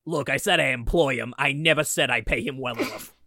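A man running a tabletop game as game master, narrating scenes with a joking, animated manner. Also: medium pitch, brisk, creaky, no room sound.

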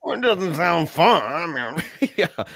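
A fairly high-voiced man spins a story in loose, slangy banter, laughing as he goes. The sound is close and dry, with no room around it. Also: slow, dry recording. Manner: animated, slangy, laughs a lot, says "dude". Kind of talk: casual chat, storytelling.

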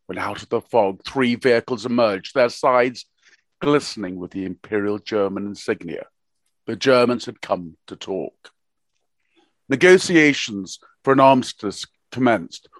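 A man's voice: mid-range voice, no echo. British guy reading out a history talk, earnest, dry little asides, dead dry sound. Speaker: guest speaker.

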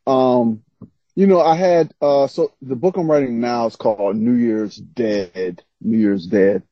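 A man's voice: mid-range voice, measured pace, no room sound. A man, an author guest, telling stories in casual interview chat with frequent laughs. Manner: animated storytelling, laughs often. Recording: slightly dull lo-fi sound.

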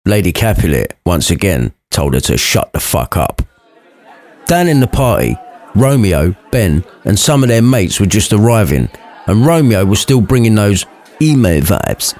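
A man's voice: on the low side, very animated, unhurried, darkish tone, some chatter behind. A man narrating a comic retelling, with crude, cheeky asides. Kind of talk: comic storytelling.

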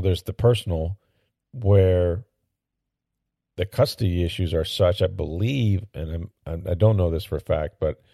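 A man's voice: deep voice, gravelly, warm tone, dry recording, studio quality. A man hosting a sports podcast, giving casual, opinionated commentary that rambles, with lots of fillers and restarts.

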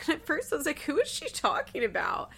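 A woman's voice: high-pitched, wildly swooping pitch, brisk, vocal fry, fairly bright tone. A woman giving casual, sarcastic commentary as she recaps a reality TV show, laughing often.

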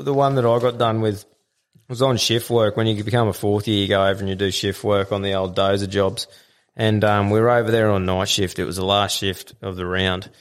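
A young man with a fairly low voice hosts a loose podcast chat among mates. He is laid-back and swears freely. He laughs often as he trades work stories. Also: smooth. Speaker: podcast host. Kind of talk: casual chat.

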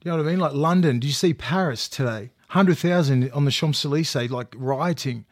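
With a slightly high voice and a brisk delivery, this male podcast co-host tells stories in an offhand, conversational way, swearing, restarting lines and performing quotes. The studio-quality recording has no room sound.

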